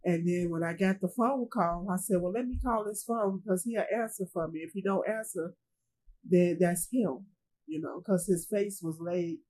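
A woman being interviewed as a grieving mother, speaking in a halting way, repeating herself and quoting others, with speech. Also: fairly low pitch, warm tone, poor audio. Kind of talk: emotional personal testimony.

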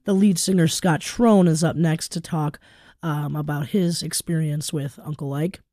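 Radio host, chatty and informal, mellow tone, dry studio sound. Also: female voice, sits low, fairly even intonation, moderate pace, dry recording. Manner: warm, chatty, filler-heavy. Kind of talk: community radio tribute show.

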